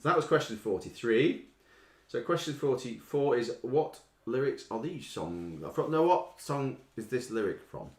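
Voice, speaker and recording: A man hosting a live online quiz from home, playfully reading song lyrics in a slow, dramatic sing-song. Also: mid-range voice, lively intonation, a little mellow. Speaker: quiz host. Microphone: desk microphone. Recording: echoey room.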